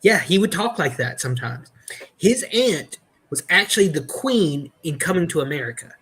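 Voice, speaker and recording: A man chatting casually on a podcast, telling stories in a halting way with many restarts and fillers. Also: fairly high pitch, lively intonation, a bit bright. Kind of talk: casual chat.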